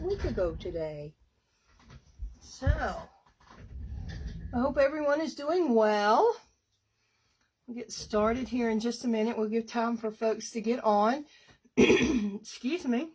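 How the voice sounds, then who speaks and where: A woman demonstrating a paper craft on a live stream, chatty and unhurried, stopping now and then to clear her throat. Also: a little high, a little mellow.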